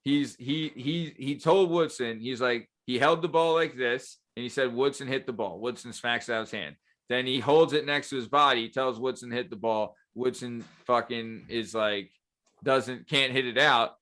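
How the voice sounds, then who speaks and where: Mid-pitched guy, rambling and laughing, slips into quick impressions. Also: a bit bright. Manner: rambling, laughs often, mimics quotes. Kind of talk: casual profane chat.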